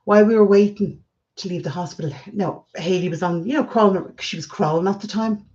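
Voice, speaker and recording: A woman's voice: mid-range voice, fairly quick. An Irish woman in her forties telling family stories in a casual, chatty vlog. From Ireland. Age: 40s. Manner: chatty storytelling, lively retelling. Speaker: vlogger. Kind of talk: casual chat. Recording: slightly dull lo-fi sound.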